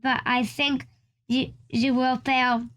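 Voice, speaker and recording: A woman's voice: high voice, little pitch movement, slow, fairly bright tone. A woman voicing a strong, sneering male eagle in a read-aloud storybook.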